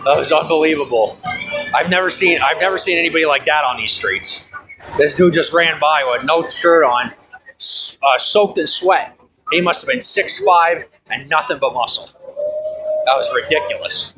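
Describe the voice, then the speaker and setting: A man's voice: on the high side, moderate pace, sharp tone, faint music behind, poor audio. A man chatting casually and bluntly while walking down a city street filming a vlog, swearing freely. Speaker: vlogger.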